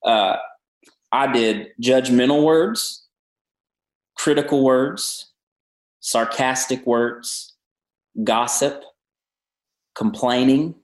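A man's voice: medium pitch, extremely slow, long pauses. A man with a Southern American accent, a pastor explaining his sermon in a podcast interview with an earnest preaching cadence. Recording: roomy echo.

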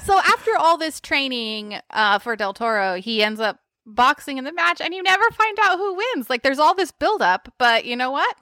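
A woman's voice: high-pitched, normal speed, few pauses. A woman co-hosting a podcast, animatedly recapping a show and acting out the characters' lines. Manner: animated storyteller, acts out quoted characters. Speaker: podcast co-host. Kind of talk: casual chat recapping a show.

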